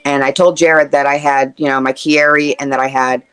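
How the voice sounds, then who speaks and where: A woman guest on an interview podcast, talking candidly and earnestly with quick playful quips. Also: extremely low pitch, little pitch movement, fairly bright tone, smooth, poor audio. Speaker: guest, content creator and actor. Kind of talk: casual interview chat.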